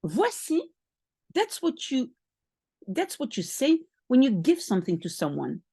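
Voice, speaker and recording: A woman's voice: high voice, wildly swooping pitch, unhurried, gravelly, mellow, slightly rough, dry recording, clean studio sound. A woman teaching a lesson, patient and explaining step by step, often checking if she is understood. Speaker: language teacher. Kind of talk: one-on-one French lesson.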